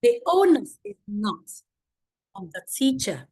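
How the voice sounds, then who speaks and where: A woman's voice: fairly high pitch, sing-song, slow, a little mellow, breathy edge, soft background music. A woman leading a safeguarding training for teachers, speaking emphatically and asking many rhetorical questions.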